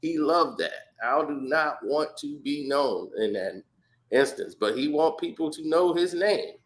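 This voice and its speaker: A podcast guest with a higher-pitched voice chats casually, telling stories animatedly and without hurry. He acts out quotes and laughs often.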